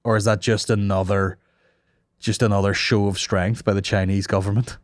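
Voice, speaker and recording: A man's voice: on the low side, flat delivery, moderate pace, no room sound, studio quality. A man hosting a comedy podcast, swearing a lot and laughing at his own crude jokes. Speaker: podcast host.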